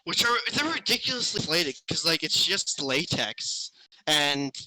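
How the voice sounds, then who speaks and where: A man's voice: a little high, very animated, a little slow, pushed and bright, rough recording. A young man in casual chat, rambling with laughs and crude jokes on a headset. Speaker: stream co-host.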